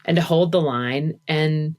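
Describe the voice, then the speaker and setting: A chatty woman speaking as a guest on a podcast, her voice sitting a little low. She talks in a loose, casual way, dropping "like" between her thoughts. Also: a little slow, a little mellow. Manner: chatty, lots of "like" fillers. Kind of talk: casual conversation.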